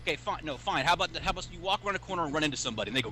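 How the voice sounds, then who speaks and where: A man talks fast in a bright, forceful voice, bluntly lecturing a friend and swearing often. There is a faint hiss of noise behind him. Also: on the high side, lively intonation. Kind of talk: heated casual chat.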